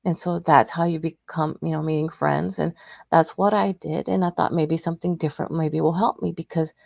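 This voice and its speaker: Telling a personal story, this middle-aged Texan radio host rambles emotionally and keeps starting her sentences over. She has a low, gravelly, darkish voice with fairly even intonation and a moderate pace. The sound is clean studio audio without echo.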